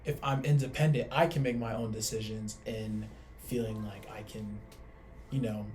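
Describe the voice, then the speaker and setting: A man's voice: fairly low pitch, steady tone, normal speed, a little mellow, slight background noise. A young man in casual faith discussion, talking loosely with lots of "like" and trailing thoughts. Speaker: co-host.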